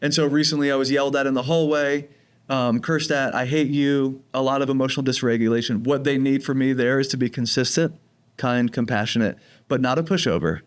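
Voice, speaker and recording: A man from New Jersey with a light accent of his home state speaks in a podcast interview. His voice sits at an ordinary middle pitch, and he explains things calmly and patiently with a playful, joking streak. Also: fairly quick, smooth. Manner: calm, explanatory, jokey. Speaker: program director of teen residential treatment.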